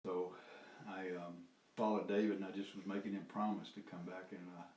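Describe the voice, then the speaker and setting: Recalling his activism in an interview, an older man with a Southern US accent rambles through a personal story, laughing and cursing, often trailing off before starting again. His voice is deep and darkish, his tone level, his pace brisk. The recording sounds roomy, with a distant mic and faint noise.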